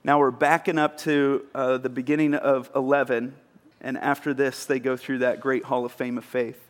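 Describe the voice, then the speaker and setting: A man preaching a sermon in a casual, self-mocking way, acting out scenes with animated exclamations. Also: medium pitch, moderate pace. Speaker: pastor.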